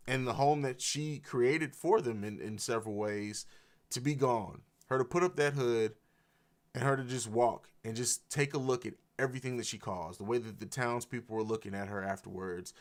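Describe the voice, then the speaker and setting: A man hosting a live reaction stream, talking with emotion, swearing freely and restarting his sentences. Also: medium pitch. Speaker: livestream reaction host. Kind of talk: emotional unscripted reaction livestream. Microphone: streaming mic.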